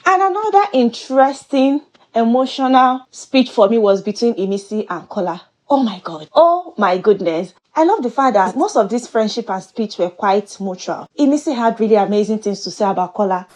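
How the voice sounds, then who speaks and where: Animated woman recapping gossip. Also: a little high, moderate pace. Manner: chatty and animated, with playful exclamations. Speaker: reality show recap host. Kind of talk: casual gossip commentary.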